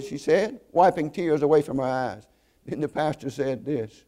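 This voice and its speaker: Warm, earnest male preacher. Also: fairly high pitch, lively intonation. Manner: earnest storytelling, slows for emphasis. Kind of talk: sermon.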